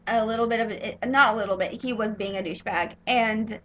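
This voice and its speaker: A young woman's bright, fairly high voice tumbles through a fan review of a TV episode, full of filler words and restarts. She gushes and rambles rather than reads. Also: a little fast, muffled recording. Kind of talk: casual spoiler review monologue.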